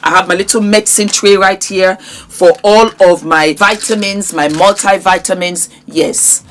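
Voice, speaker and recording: A woman in her fifties talking warmly and emotionally to her viewers in a casual vlog. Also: medium pitch, fairly even intonation, unhurried, a little hiss or hum. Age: 50s. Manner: warm, emotional, grateful. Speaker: vlogger.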